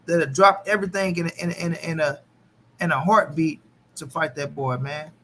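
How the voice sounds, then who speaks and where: Bright-voiced man chatting on a live stream. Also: fairly high pitch, steady tone, brisk, slight background noise. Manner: loose, profane, talks back to chat. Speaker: boxing channel host. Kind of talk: casual live-stream chat.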